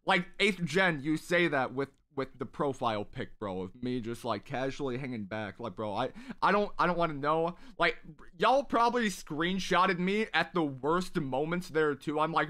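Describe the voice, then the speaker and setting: A talkative man hosts a gaming live stream from home. His voice sits a little higher than most men's. He rambles freely between shout-outs to his viewers. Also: animated, moderate pace. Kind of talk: casual live-stream chat.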